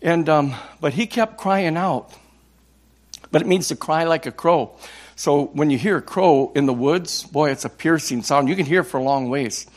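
A man in his sixties from Minnesota, an evangelist preaching a passionate sermon, repeating words and building to loud cries. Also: fairly high pitch, normal speed.

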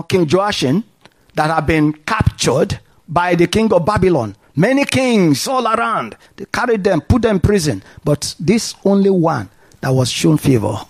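Male preacher, high voice, animated sermon with call-and-response. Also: husky.

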